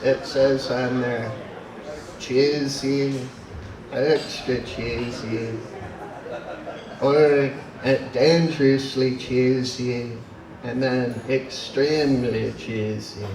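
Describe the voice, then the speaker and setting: A man doing a rambling open mic comedy set, halting and full of fillers. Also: medium pitch, steady tone, crowd noise. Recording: echoey room, distant camera mic, noisy.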